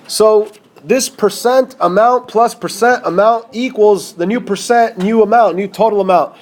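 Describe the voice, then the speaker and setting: High-voiced man teaching math. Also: unhurried. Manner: conversational, checks in with students. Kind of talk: whiteboard math lesson.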